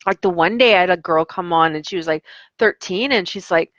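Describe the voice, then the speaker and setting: A woman's voice: fairly low pitch, a little fast, fairly bright tone, no echo, highs cut off. A young adult woman, an online English teacher, chatting casually about her classes and acting out her students in quotes. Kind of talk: casual vlog storytelling.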